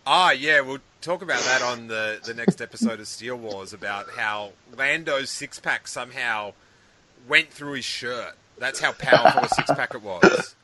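Bright-voiced man telling stories. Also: medium pitch, moderate pace. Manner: animated, rambling storyteller with many restarts. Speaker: podcast co-host. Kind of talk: casual chat.

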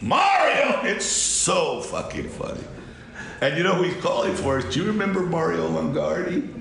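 A man telling an animated anecdote as a film director guest in a casual interview, laughing often. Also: on the high side, normal speed, gravelly. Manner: animated storyteller who laughs a lot. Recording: roomy with crowd chatter.

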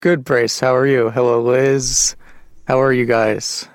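A man's voice: mid-range voice, level tone, unhurried. An American man being interviewed as a guest researcher, answering in a matter-of-fact way from a basement.

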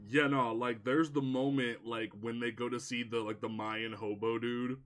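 Young man, casual podcast chat, rambling, animated, middle-pitched voice. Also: normal speed. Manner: rambling, heavy use of "like", animated. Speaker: podcast co-host. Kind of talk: casual movie review chat.

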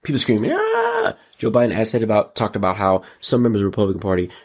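A man hosting a show, giving casual, mocking commentary on pop culture and politics in an animated way. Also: very fast. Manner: animated, mocking, jumps into high exclaims. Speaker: show host.

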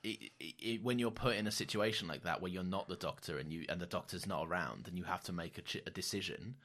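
A man's voice: sits low, quick pace, a bit bright. A man co-hosting a podcast in casual chat, laughing often and restarting his sentences. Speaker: podcast co-host.

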